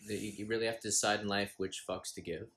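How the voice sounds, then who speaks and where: A man's voice: fairly low pitch, steady tone, quick pace, fairly bright tone. A man chatting as a podcast guest, easygoing and playful. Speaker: guest actor. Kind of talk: casual interview chat.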